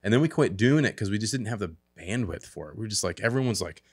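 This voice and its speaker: A man hosting a casual business podcast chat, animated and laughing often, swearing casually. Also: lowish voice, fast talker, husky. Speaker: podcast host.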